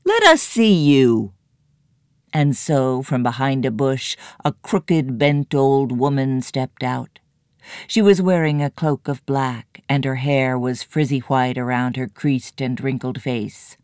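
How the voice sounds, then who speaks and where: A woman narrating a children's story in a measured, expressive reading. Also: rumbling low, smooth, no room sound, studio quality.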